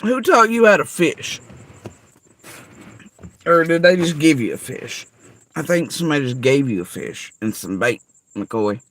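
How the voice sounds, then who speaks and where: A man's voice: a little high, lively intonation, unhurried, long pauses, a bit bright, dry recording, poor audio. A man delivering an angry, profane, sarcastic rant straight to someone he calls out. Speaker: vlogger. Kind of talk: angry ranting monologue.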